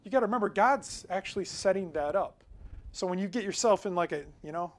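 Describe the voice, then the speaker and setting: A man preaching a sermon in a casual, conversational way, telling a personal story and swinging between loud emphasis and quiet asides. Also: high-pitched, fairly quick. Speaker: pastor.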